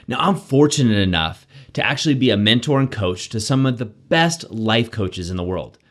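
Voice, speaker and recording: Lively motivational male coach. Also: mid-range voice, moderate pace. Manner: energetic, conversational, frequent "right?" asides. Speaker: coach and show host. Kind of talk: motivational self-help talk.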